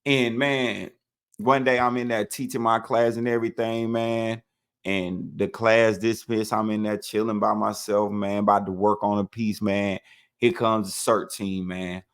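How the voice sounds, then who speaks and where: A man telling his own prison story in a casual, animated way, dropping "man" after nearly every phrase. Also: on the low side, unhurried, clean tone.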